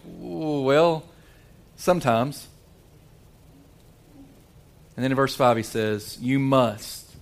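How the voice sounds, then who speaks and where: A man preaching a sermon, dropping to hushed, slow tones for emphasis and repeating words as he restarts sentences. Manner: dramatic, shifts between hushed low tones and animated quoted voices. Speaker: pastor.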